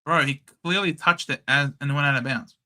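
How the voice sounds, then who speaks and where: A young Australian man hosting a casual live watchalong, calling the play in a chatty, excitable and blunt way. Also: on the high side, brisk. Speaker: host. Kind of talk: casual live match commentary.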